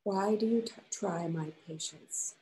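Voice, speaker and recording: A woman reading aloud the part of a male aristocratic officer holding back anger, slow, quiet and controlled. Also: medium pitch, a little hiss or hum, lightly acted, poor audio. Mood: restrained anger.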